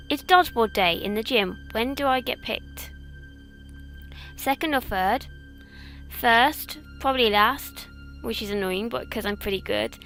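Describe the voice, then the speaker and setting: Bright chatty young English woman. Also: fairly high pitch. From England. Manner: chatty, rambling, self-mocking. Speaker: YouTuber. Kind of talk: casual quiz commentary.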